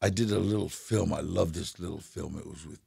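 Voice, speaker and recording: Gravelly older man telling stories. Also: deep voice, brisk, warm tone, dry recording, studio quality. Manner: laughing, storytelling with acted-out quotes. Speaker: guest actor. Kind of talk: casual interview chat.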